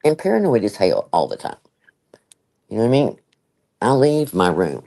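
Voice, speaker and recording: An older woman hosts a casual chat. Her pitch rises and falls a lot as she talks. She is emphatic and chatty, full of asides. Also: big pitch swings, moderate pace, creaky, dark tone, rough recording. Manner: chatty and emphatic, laughs often, with many asides. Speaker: live-stream host.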